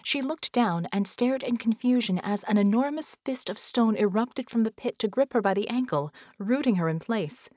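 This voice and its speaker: A woman reading an audiobook in a measured, expressive narration. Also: a little high, no echo, clean studio sound. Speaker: audiobook reader. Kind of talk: scripted narration.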